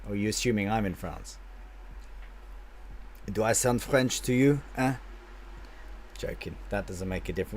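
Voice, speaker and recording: Low-voiced chatty male game streamer. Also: moderate pace, pauses often, slight background noise. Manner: chatty, replies to chat comments aloud, restarts sentences. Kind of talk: casual live-stream chat with viewers.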